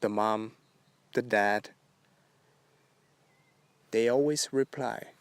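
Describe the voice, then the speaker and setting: Very slow creaky-voiced man musing. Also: mid-range voice, no room sound. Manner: rambling, halting, drawn-out phrasing. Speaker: podcast host. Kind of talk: solo philosophical monologue.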